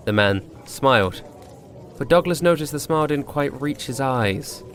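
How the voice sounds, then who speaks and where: A man's voice: medium pitch, expressive, moderate pace, fairly bright tone, a little hiss or hum. A man narrating a scripted story epilogue for a tabletop campaign, with wry, dry humor and wordplay.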